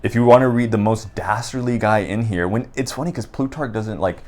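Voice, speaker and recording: A man talking off the top of his head in an unedited video, rambling and halting with many restarts. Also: on the low side, darkish tone. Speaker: book vlogger. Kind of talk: unscripted casual talk to camera. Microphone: raw unedited recording.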